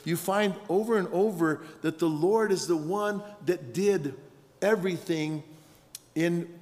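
A middle-aged man preaches, his voice sitting a little high for a man. He tells stories with lively bursts and shouted punchlines. A long hall reverb trails behind his words. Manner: storytelling, animated with shouted punchlines. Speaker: pastor. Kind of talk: sermon. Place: large conference hall.

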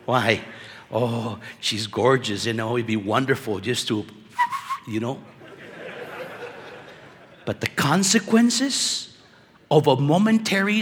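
Animated preaching man in a reverberant hall. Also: mid-range voice. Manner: animated, conversational preaching with slang. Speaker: conference speaker. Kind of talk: sermon. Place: conference hall.

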